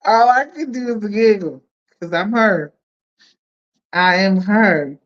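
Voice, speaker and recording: Slow, playful woman chatting on a livestream. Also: mid-range voice, highs cut off. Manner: playful, laughs often, hypes up viewers. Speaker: livestream host. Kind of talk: casual livestream chat with viewers.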